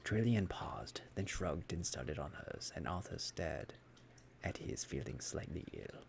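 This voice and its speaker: Low, gravelly man whispering an ASMR story. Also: lively intonation, measured pace. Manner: soft, whispered bedtime narration.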